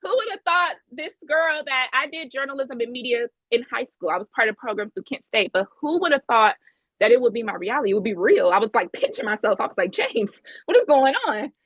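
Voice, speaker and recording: Speaking fast in a fairly high voice, an Ohio woman shares a heartfelt testimony as an online event's guest speaker via video call, telling it emphatically with many restarts. The lo-fi audio carries no room sound.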